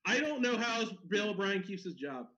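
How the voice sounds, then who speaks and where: A man's voice: sits high, sing-song, fairly quick, pushed and bright, dull audio. A man co-hosting a sports chat, blunt, exasperated and crude.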